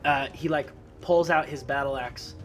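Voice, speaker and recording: A man's voice: mid-range voice, moderate pace, over music. A man narrating a tabletop game as its game master, in a laid-back way with many fillers and laughs.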